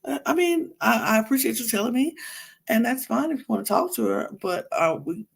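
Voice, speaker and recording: A woman's voice: expressive, brisk, gravelly, breathy edge, exaggerated voice. A woman putting on the voice of a flustered young woman who stammers when caught off guard. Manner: stammering, high and breathless.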